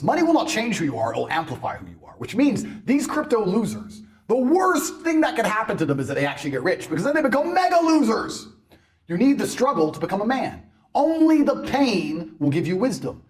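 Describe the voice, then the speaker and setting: A man ranting on a podcast in a boastful, mocking way, mimicking people in loud bursts. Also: sits high. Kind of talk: animated podcast rant.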